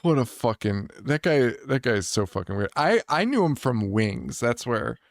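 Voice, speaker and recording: A man's voice: mid-range voice, very animated, no echo, clean studio sound. Joking, swearing podcast host man. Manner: swearing, laughing, quick joking asides. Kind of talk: casual chat.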